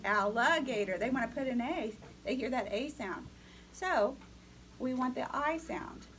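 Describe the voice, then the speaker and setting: A woman's voice: sits high, animated, measured pace, a little hiss or hum, poor audio. A woman teaching future teachers in a classroom, upbeat and coaching, often calling on students. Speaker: teacher educator. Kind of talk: classroom lecture.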